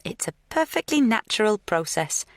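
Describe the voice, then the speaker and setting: A woman's voice: mid-range voice, very animated, moderate pace, dry recording, studio quality, voice pushed up, natural voice. A woman voicing an unsettling older woman who plays the midwife, soothing in a sing-song, menacing way. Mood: falsely soothing.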